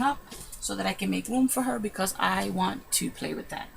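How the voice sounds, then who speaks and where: A woman crafting vlogger telling a story in a casual, excitable way, recorded in her room at home. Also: mid-range voice, normal speed, vocal fry, background noise. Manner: chatty, excitable, retells with quoted asides.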